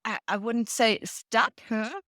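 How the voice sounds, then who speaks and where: Woman, podcast guest, high pitch, heartfelt storyteller. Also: lively intonation, slow, sharp tone, no room sound, clean studio sound. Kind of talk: casual chat.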